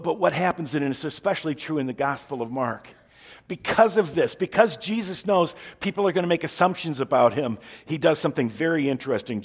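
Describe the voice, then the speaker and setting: A man preaching a sermon as a pastor, telling stories with lively energy and acting out the people he quotes. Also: a little high, slightly rough.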